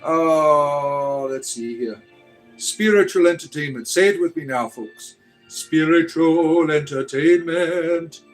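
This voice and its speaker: A man's voice: fairly high pitch, measured pace, a bit bright, soft background music. A man from the United States hosting a casual livestream, reading chat aloud and rambling with frequent "right?" tags.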